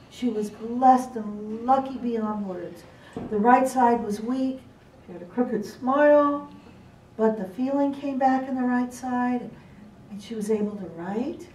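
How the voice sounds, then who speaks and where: A woman with a fairly high voice teaches a live seminar in a playful, animated way, slipping into voices for the people in her stories. She is heard from some distance in a roomy, echoing space. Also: a little hiss or hum. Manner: lively, playful, acts out quoted people. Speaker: seminar presenter for court reporters. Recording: echoey room, voice from far off.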